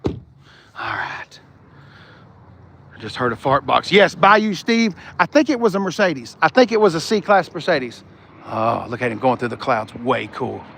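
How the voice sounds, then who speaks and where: A man's voice: medium pitch, sing-song, measured pace, creaky, a bit bright, a little hiss or hum. A man chatting casually and profanely, reading viewer comments aloud while he walks a car lot. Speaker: car vlogger. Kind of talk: live-stream walkaround chat. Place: car dealership lot outdoors.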